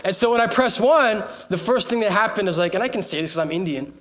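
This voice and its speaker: A young adult pastor preaches a sermon to his church in a conversational, jokey style, occasionally shouting out to the congregation. His voice sits high and expressive, and he moves at a quick pace.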